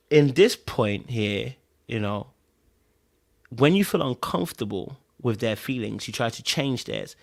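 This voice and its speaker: A man's voice: medium pitch, gravelly. A man hosting a podcast, giving casual relationship advice to live viewers, stressing key words by repeating them and checking in with his listeners. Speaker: podcast host.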